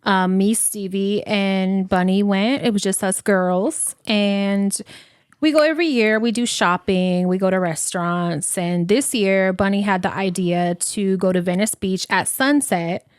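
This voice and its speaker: A woman's voice: mid-range voice, steady tone, a little slow, smooth, no room sound, clean studio sound. A woman co-hosting a podcast in casual chat, telling stories full of fillers and swearing. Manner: chatty storytelling, lots of fillers and swearing. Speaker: podcast co-host.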